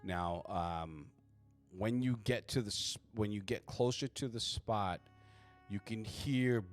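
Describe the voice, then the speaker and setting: Male GM, low voice, halting filler-heavy narration, faint music. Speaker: game master. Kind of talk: narrating a tabletop game.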